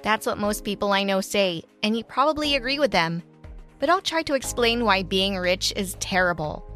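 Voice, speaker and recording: A woman's voice: mid-range voice, animated, normal speed, a bit bright, faint music behind. A woman narrating a first-person story in a bitter, confessional tone.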